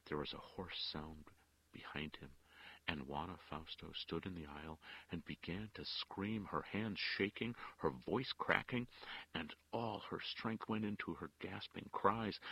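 Very deep, gravelly male storyteller. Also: dry recording. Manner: measured, expressive storytelling. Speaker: narrator. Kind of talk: audiobook reading. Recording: dull, dry lo-fi recording.

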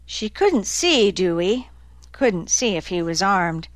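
A woman reading a novel aloud as an audiobook narrator, in an even, measured way. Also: mid-range voice, no room sound. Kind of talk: scripted narration.

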